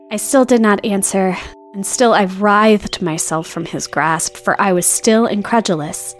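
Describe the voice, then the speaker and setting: A woman reads a classic novel aloud in the first person, measured and earnest. Her voice sits at a middle pitch, with faint music underneath. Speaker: narrator. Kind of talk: audiobook narration of a classic novel.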